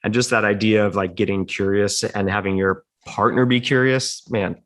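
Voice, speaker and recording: A man with a fairly low voice shares a personal story on a podcast. He talks candidly and animatedly, turning reflective as he goes. He is middle-aged and chatting casually. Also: steady tone, normal speed. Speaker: podcast guest.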